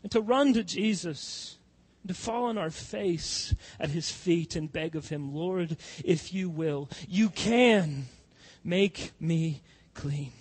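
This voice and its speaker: A man preaching a sermon as pastor, swinging from loud impassioned cries to soft, hushed pleading. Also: on the high side, animated, slow pace, breathy edge.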